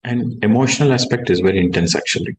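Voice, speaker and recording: A man, a meditation teacher guiding a session and then giving a calm, measured spiritual talk that stresses key words. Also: on the low side, a little hiss or hum, rough recording.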